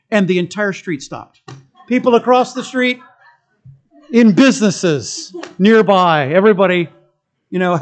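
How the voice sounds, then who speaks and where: Delivering a church sermon, this man speaks emphatically but conversationally, mixing heavy emphasis with soft asides and humorous anecdotes. His voice sits high.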